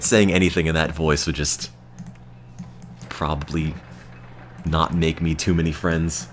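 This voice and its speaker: An American man streaming a game, chatting to his viewers in a deadpan, self-mocking way. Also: low voice, slight background noise. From United States. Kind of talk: casual gameplay commentary to chat.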